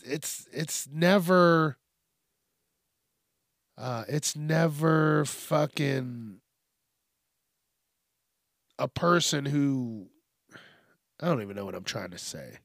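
A man's voice: medium pitch, creaky, no room sound, studio quality. A man hosting a podcast, ranting bluntly and profanely in a rambling monologue. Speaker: podcast host.

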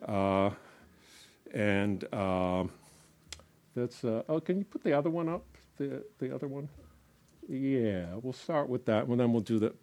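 A man from Boston, a storyteller, chats loosely to a live audience, wandering off track and restarting his sentences. His delivery is slow and unhurried, in a mid-range voice. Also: mid-range voice, animated, a little mellow. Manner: rambling, halting, full of fillers and restarts. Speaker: storyteller, performer. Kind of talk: casual stage talk to a live audience.

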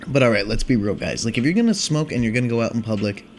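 A man's voice: medium pitch, animated, fast, a little hiss or hum. A young man hosting a casual podcast, rambling and swearing in a laid-back stoner monologue. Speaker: podcast host.

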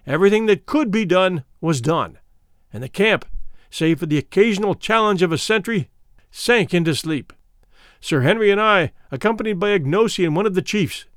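A man narrating a first-person adventure novel in a measured, reflective storytelling manner. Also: sits high, a bit bright, no room sound, clean studio sound. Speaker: audiobook narrator.

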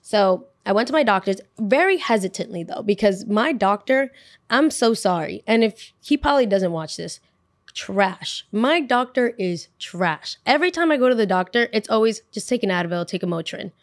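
A young woman tells a personal story on her podcast, chatty and dramatic, with "like" in every other phrase. Her voice sits at a middle pitch. The recording is dry and close, with no room sound. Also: animated, normal speed, no echo. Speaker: podcast host. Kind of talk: casual storytelling.

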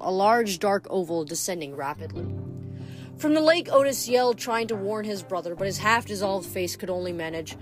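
A woman reading a novel aloud at a steady pace, now and then stumbling and correcting herself. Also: medium pitch. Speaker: reader.

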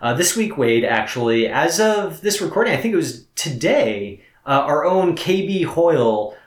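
A man's voice: fairly high pitch, sing-song. Man co-hosting a film podcast, roomy sound. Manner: measured, explanatory, gently teasing. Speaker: film review podcast co-host. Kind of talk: conversational podcast talk. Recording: roomy echo.

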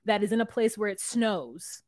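A woman co-hosting a casual podcast about a reality TV show, animated and swearing, often acting out what people said. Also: medium pitch, moderate pace, no echo, studio quality. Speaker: podcast co-host. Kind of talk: casual reality TV recap chat.

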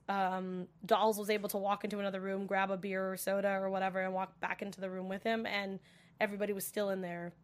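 A young adult woman recapping a TV episode in a casual, gushing way, full of "like" and "you know". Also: medium pitch. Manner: gushing, filler-heavy, lots of "like" and "you know".

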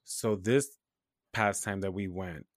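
A man from New Hampshire chatting casually as a podcast co-host, telling an animated, profane story and often laughing. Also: low-pitched, takes it slowly, no room sound, studio quality. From New Hampshire, USA. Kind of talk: casual chat.

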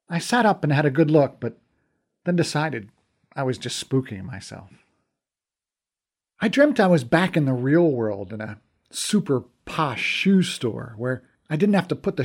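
A man's voice: mid-range voice, a little mellow. A man narrating a first-person fantasy story in a wry, casual way.

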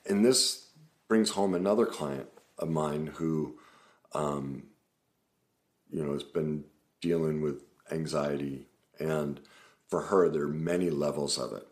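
A man with a very low voice speaks in a relaxed, casual way straight to the camera. He sounds like a therapist, earnest and explaining things step by step. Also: slow, long pauses.

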